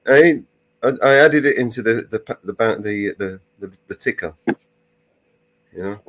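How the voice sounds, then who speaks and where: A man's voice: fairly low pitch, measured pace, a bit bright. A man hosting a live stream panel, chatting casually, laughing often and rambling through stories.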